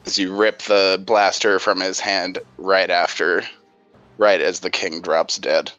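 A man narrating as game master of a tabletop game, with a hesitant, measured delivery. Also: sits low, flat delivery, fairly bright tone, dry recording, highs cut off, soft background music.

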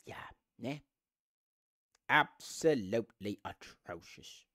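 A man hosting a football podcast, ranting angrily and swearing a lot as he repeats his points for emphasis. His voice sits in a middle pitch range. The sound is dry and close, with no room echo. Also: animated, slow, bright, forceful tone. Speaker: podcast host. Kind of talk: casual football rant.

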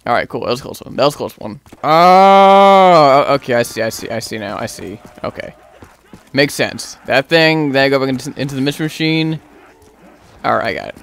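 A young man giving gameplay commentary as a gaming YouTuber, excitable and slangy, often yelling in panic. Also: on the high side, moderate pace, clear, resonant tone.

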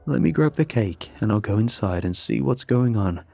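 A man doing a calm, cautious father. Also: fairly low pitch, normal speed, vocal fry, slightly rough, soft background music, exaggerated voice. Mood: soothing. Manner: soothing, cautious.

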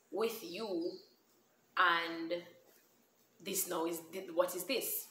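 Speaking slowly with long pauses and a sharp tone, a young Jamaican woman vlogs an earnest, emotional storytime testimony, shifting between standard English and patois. Her fairly even intonation sits a bit low for a female voice. Faint noise lingers behind the echo of the room she records in.

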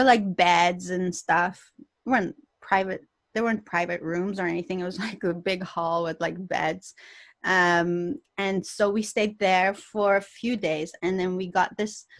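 A woman's voice: lowish voice, steady tone, unhurried, no room sound. A woman guest telling a personal story on a podcast, acting out quotes and laughing often. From Canada. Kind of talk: storytelling interview.

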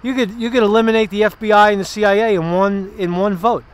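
A man's voice: high voice, steady tone, quick pace. A man giving rambling, profane political commentary while walking in a park outdoors. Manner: rambling, profane, sarcastic asides. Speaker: political vlogger.

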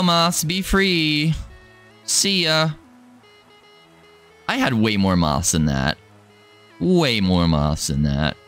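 A man's voice: deep voice, fairly bright tone, smooth. A man doing casual, joking gaming commentary as a let's play host, rambling and chatting to viewers.

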